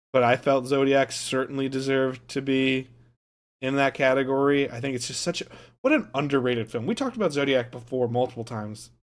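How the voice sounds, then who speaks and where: A man from Wisconsin co-hosting a movie podcast in casual chat, animated, swearing and laughing at his own jokes. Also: medium pitch. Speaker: podcast co-host.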